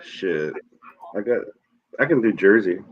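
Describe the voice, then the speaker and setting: A man's voice: lowish voice, animated, a little slow, muffled recording. A man co-hosting a podcast, ranting and swearing freely in casual chat. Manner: heated, swears freely, rants. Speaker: podcast co-host.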